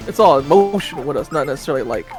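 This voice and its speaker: A man's voice: on the high side, animated, racing, loud music behind the voice. A man co-hosting a game stream, chatting casually and reading viewer comments aloud.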